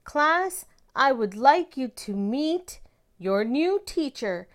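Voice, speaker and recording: A gushing, bubbly school principal from a storybook, put on by a woman reader. She lifts her voice high and bright, sweet and welcoming, but takes her time over every word. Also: sing-song, slow pace, full character voice.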